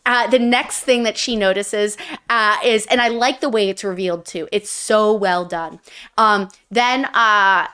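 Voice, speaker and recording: A woman's voice: mid-range voice, pushed and bright, smooth. A woman co-hosting a book club podcast, retelling a novel's plot in a casual, rambling way with lots of fillers.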